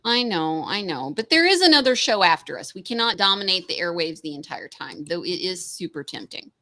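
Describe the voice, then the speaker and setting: Woman, co-host, casual chat, laughs often, teasing, lively pitch, bright tone. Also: fairly quick.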